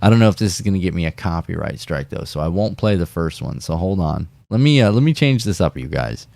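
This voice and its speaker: A man hosting a fishing podcast, telling a rambling story in a casual, animated way and talking straight to his viewers. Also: low voice, fast, creaky, no room sound, clean studio sound.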